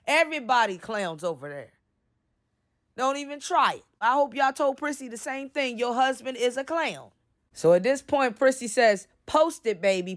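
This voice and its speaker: A woman hosting a gossip commentary, blunt and sassy, laughing often as she reads posts aloud. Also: on the high side. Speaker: gossip channel host.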